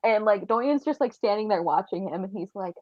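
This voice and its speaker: A woman co-hosting a casual book club livestream, talking in an animated way with lots of laughter and "like" fillers. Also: mid-range voice, brisk, no echo, highs cut off.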